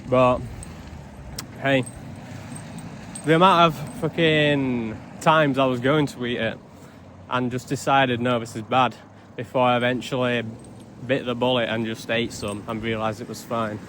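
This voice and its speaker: A man's voice: mid-range voice, steady tone, a little slow, pauses often, a bit bright, slight background noise. A young man ranting in a casual vlog, blunt and sarcastic with heavy swearing. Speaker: vlogger.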